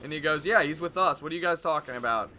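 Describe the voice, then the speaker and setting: A man's voice: a little high, quick pace, slight background noise. A young man casually telling a story to his viewers in a vlog, swearing freely and acting out what others said. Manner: animated, profane, acts out quoted voices. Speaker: YouTube vlogger.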